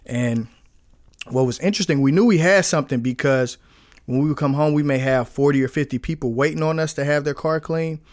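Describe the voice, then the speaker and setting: A man's voice: fairly high pitch, a little fast, no room sound, studio quality. A man in his thirties from St. Louis, a business owner telling the story of how he started his company in a podcast interview, with lots of fillers and acted-out quotes. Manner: relaxed storyteller, with frequent fillers and quoted dialogue.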